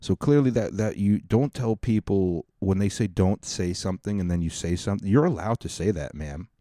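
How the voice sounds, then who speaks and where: Guy in his 30s hosting a podcast, real low dark voice, crude and rambly, dry close mic. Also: expressive, fairly quick, no room sound. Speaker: podcast host. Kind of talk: casual comedic storytelling.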